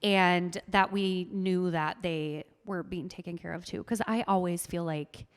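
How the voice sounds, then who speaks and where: A woman's voice: lowish voice, fairly even intonation, a little slow, clean tone, big-room sound. A woman with a Minnesotan accent, chatting earnestly as a podcast guest, with lots of "like" fillers. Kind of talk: casual interview chat.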